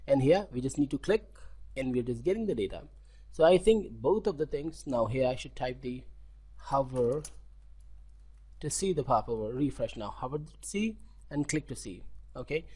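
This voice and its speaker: Indian guy explaining code step by step, mid-pitched voice, stumbles and restarts a lot. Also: animated, warm tone, slightly rough. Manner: halting, self-correcting, repeats words, frequent "okay?". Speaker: coding tutor. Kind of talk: screen-recorded coding tutorial.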